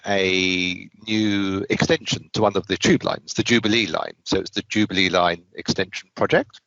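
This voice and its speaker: British guy telling his work story, really low voice, dull dry sound. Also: normal speed, fairly bright tone. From England. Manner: storytelling, chuckles between points. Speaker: guest. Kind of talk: casual interview chat.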